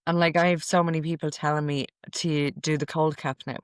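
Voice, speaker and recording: A woman's voice: sits low, steady tone, a little fast, clean tone, no echo, clean studio sound. A middle-aged woman hosting a casual podcast, reading out quotes from a list in a chatty, amused way. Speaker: podcast host.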